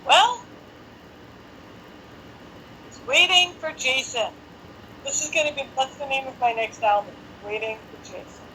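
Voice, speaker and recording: A woman's voice: high voice, animated, a little slow, long pauses, pushed and bright, a little hiss or hum, low-quality recording. A woman hosting a casual live stream from her apartment on a phone. She chats and jokes to herself while she waits for guests. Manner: chatty, joking, talks to herself while waiting. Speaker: host. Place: home apartment.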